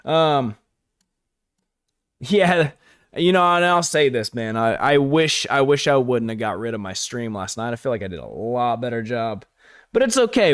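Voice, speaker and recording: A man's voice: mid-range voice, big pitch swings, measured pace, clear, resonant tone, no echo, clean studio sound. A man giving a casual, rambling live-stream recap, full of fillers and chuckling asides.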